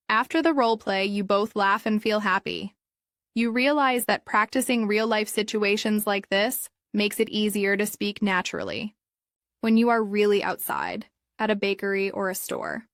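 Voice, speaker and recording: A woman calmly narrating a story for English learners in clear, evenly paced scripted narration. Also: mid-range voice, no echo, studio quality.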